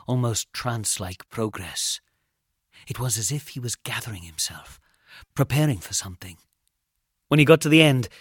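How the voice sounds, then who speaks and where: A man's voice: mid-range voice, dry recording, studio quality. Man narrating a suspense tale. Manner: measured, suspenseful, drops to a hush at tense moments. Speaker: storyteller. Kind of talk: scripted story narration.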